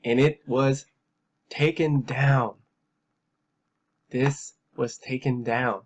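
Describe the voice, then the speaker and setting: A man's voice: mid-range voice, steady tone, drawn-out words. A man giving emphatic, heated commentary on a news article, with frequent fillers and repeated phrases. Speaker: political commentary vlogger.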